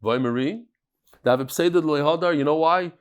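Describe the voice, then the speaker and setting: A man with a somewhat high voice teaches a daily Talmud class. He talks casually and with energy, dropping Hebrew, Aramaic and Yiddish terms into his English and telling jokes and stories. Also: moderate pace, clear, resonant tone. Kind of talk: lively Talmud lesson, casual and animated.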